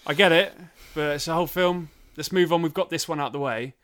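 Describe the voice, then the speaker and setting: A man's voice: a little high, brisk, a bit bright, clean tone. A man co-hosting a casual film podcast, playfully retelling the plot. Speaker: podcast co-host. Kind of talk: casual film review chat.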